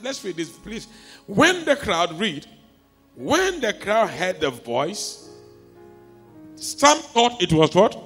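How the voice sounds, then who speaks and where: A man preaching a sermon as a pastor, telling stories and swinging from quiet asides to shouts. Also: high voice. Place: church hall. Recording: long hall reverb with faint music.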